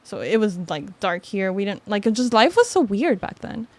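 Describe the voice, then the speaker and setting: A woman's voice: mid-range voice, normal speed, dry recording. A young woman from Miami, a podcast guest, telling a story in casual chat, full of "like" and laughs. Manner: animated storytelling with lots of "like" and laughter.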